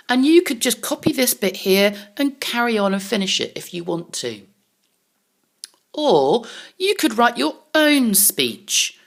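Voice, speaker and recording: A low-pitched woman takes young pupils through a lesson at an unhurried pace. Her voice rises and falls a lot as she encourages them. It sounds like a recorded class for children. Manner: warm, encouraging teacher talk to young pupils. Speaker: primary school teacher.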